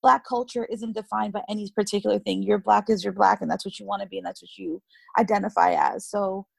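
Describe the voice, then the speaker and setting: A woman co-hosting a podcast in casual conversation, talking with a sing-song lilt that rises at the end of sentences, an animated storyteller. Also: mid-range voice, fairly quick, vocal fry, slightly rough, no echo. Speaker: podcast co-host.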